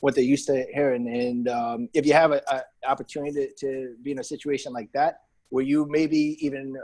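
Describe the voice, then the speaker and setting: A man's voice: medium pitch, level tone, fairly quick, a little mellow, rough recording. A man with a New England accent, a business owner talking casually as a podcast guest, with lots of fillers and restarts. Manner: chatty, many fillers and restarts.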